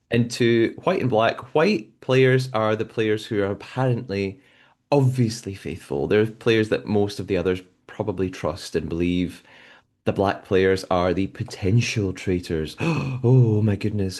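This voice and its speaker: A man hosting a podcast, recapping a show episode in a relaxed conversational way. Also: fairly low pitch. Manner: conversational recapping with frequent fillers and restarts. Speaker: podcast host.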